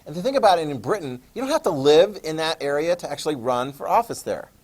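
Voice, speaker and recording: An American man lecturing a class, telling a personal anecdote in a chatty, animated way and addressing the students directly. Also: fairly high pitch. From United States. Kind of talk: classroom storytelling.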